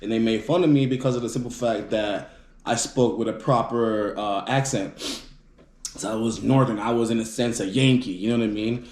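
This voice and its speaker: Fast-talking man with a Southern twang. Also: on the low side, darkish tone, reverberant. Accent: Southern US (Mississippi). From Wisconsin. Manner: fast-talking storyteller, trips over words. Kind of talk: casual chat.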